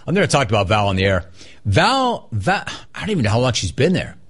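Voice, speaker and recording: A middle-aged man hosting a call-in radio show, chatting casually and riffing on his pet peeves. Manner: animated, mocks people in a high put-on voice.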